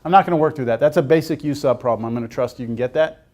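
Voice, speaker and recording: A man teaching a calculus class lectures casually, joking as he works through problems aloud. His medium-pitched voice has a darkish tone and a rapid-fire delivery.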